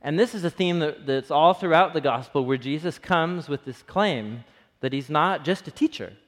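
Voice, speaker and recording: A man's voice: on the high side, animated, normal speed. A man giving a conversational sermon, acting out the lines he quotes. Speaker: pastor. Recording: long hall reverb.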